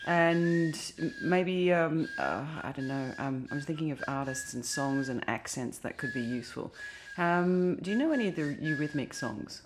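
A woman's voice: sits low, animated, moderate pace, hardly any pauses, noisy background. A woman teacher coaching a student on pronunciation in a casual, encouraging way, with many fillers. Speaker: English teacher. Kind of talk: casual lesson talk.

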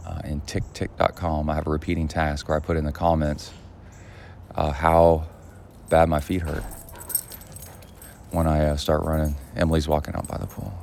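Very deep-voiced man, rambling podcast host. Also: darkish tone, slight background noise. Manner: rambling and halting, with many fillers. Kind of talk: casual solo chat. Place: outdoors by a backyard pool.

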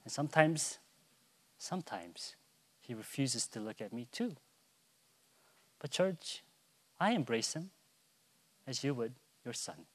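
Very animated yet slow and full of pauses, a male pastor moves through his sermon from soft, hushed stories to loud, soaring proclamation. He also acts out a child's calls in a high voice.

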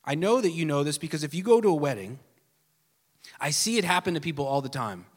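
A pastor preaching a sermon with earnest emphasis that drops at times to a hushed, soft delivery. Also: male voice, on the high side, animated, fast. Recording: long reverb of a large hall.

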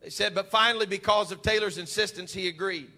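High-voiced fervent preacher. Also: male voice, fast, in a large hall. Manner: fervent, rising to shouts. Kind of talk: sermon.

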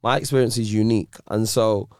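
A man's voice: lowish voice, steady tone, brisk, darkish tone, smooth, dry recording, studio quality. A man, a guest, talking casually and emphatically about his own experience. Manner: emphatic, personal. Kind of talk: casual talk.

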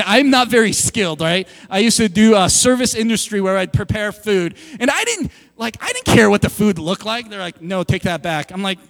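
A male pastor with a high voice preaches in a casual, animated way, acting out little back-and-forth conversations. His voice carries a long hall reverb, as if he is in a large church. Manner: animated, conversational, acts out quoted dialogue. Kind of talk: sermon.

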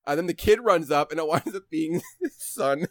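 A man hosting a podcast in casual chat, animated and rambling, and laughing as he tells stories. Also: a little high, moderate pace, no room sound, clean studio sound. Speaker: podcast host.

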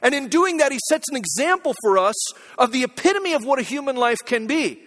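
High-voiced middle-aged male pastor. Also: animated, fairly quick, fairly bright tone, in a large hall. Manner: conversational storytelling, checks in with listeners. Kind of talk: sermon.

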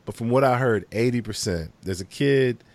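A man co-hosting a casual podcast chat, emphatic and quick to repeat himself. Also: medium pitch, no echo. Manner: lively, emphatic, repeats words.

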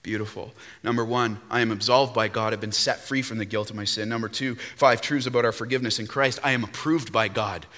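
A man preaching a sermon as pastor, emphatic and animated, now and then breaking into song. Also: fairly low pitch, a little fast, few pauses, long reverb tail.

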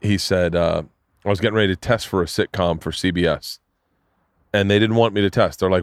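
A man hosting a podcast, telling long animated stories in casual chat, swearing freely. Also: low voice, a little fast, no echo, studio quality. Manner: animated, profane storyteller doing voices. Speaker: podcast host.

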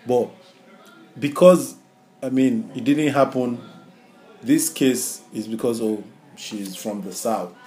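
Man, podcast co-host, casual discussion, mellow warm tone, halting and reflective. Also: medium pitch. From Nigeria. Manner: reflective, halting, with repeated starts.

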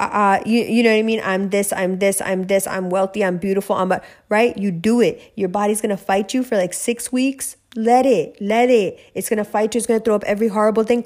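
A woman hosting a podcast, giving a blunt, profane motivational rant with emphatic, rising delivery. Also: medium pitch. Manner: blunt, emphatic, heavy swearing, rising to shouts. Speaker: podcast host.

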